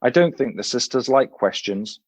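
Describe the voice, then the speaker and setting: A man's voice: medium pitch, lively intonation, moderate pace, slightly rough, no echo. A man voicing a plain-spoken, curious young man in a read-aloud story.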